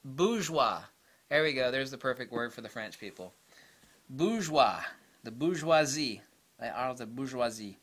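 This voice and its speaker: A man giving a loose, opinionated rant to camera, blunt and quick to laugh at his own jokes. His voice is bright and forceful, sitting in a middle pitch. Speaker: camera vlogger.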